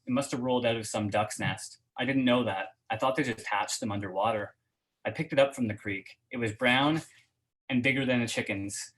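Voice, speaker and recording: A man reading first-person fiction aloud at a reading event in a steady voice, hesitant and full of fillers when he chats. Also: lowish voice, rough recording. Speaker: guest reader.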